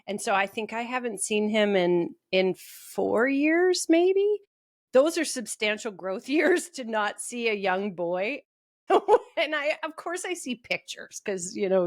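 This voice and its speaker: A woman's voice: mid-range voice, no room sound, studio quality. A woman co-hosting a podcast, telling stories in casual chat, laughing often and swearing freely. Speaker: podcast co-host.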